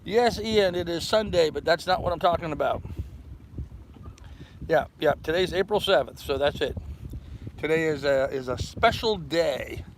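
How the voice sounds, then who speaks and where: A man's voice: a little high, expressive, moderate pace, pauses often, poor audio. An older man chatting casually on a live stream from his sailboat, rambling along and greeting viewers by name. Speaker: vlogger doing a live stream. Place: aboard a sailboat. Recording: loud wind noise on the mic. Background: wind and boat ambience.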